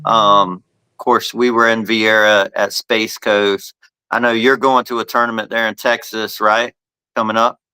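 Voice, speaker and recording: A man's voice: lowish voice, flat delivery, a little slow, pushed and bright, smooth, rough recording. A man hosting a casual chat show, who jokes, teases his guest and laughs often. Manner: jokey, teasing, laughs often. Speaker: host.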